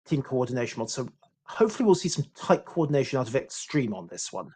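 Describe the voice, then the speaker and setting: A man giving live esports game commentary, explaining tactics calmly with dry jokes. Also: medium pitch, fast talker, slightly rough. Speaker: esports caster.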